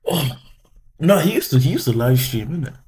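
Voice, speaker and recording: A man's voice: fairly high pitch, big pitch swings, fairly quick, darkish tone, a little hiss or hum. A man casually reacting to a video, slangy and laid-back, with swearing.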